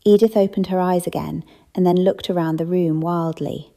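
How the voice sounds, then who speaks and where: Gravelly-voiced woman narrating an audiobook. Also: lowish voice, steady tone, normal speed, mellow. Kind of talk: first-person audiobook narration.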